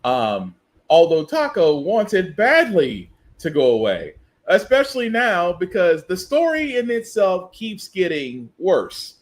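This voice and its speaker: A male podcast host delivers casual political commentary in a sarcastic, ranting manner. His voice sits high and rises and falls with lively swings. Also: slow.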